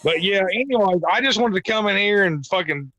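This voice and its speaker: A man's voice: high voice, animated, a little fast, crowd noise. A man guesting on a podcast, telling rambling stories with a lot of profanity in casual chat.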